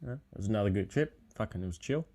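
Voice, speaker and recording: A relaxed man with a fairly low voice, drifting through casual chat as a podcast guest. He rambles along easily and swears freely, his words piling onto each other. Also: very fast. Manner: laid-back, rambling, heavy swearing.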